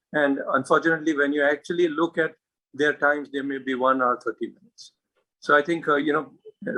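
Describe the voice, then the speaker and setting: A man giving an earnest medical talk to colleagues, stressing points with many pauses and fillers. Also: fairly high pitch, sharp tone, rough recording. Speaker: stroke specialist speaker.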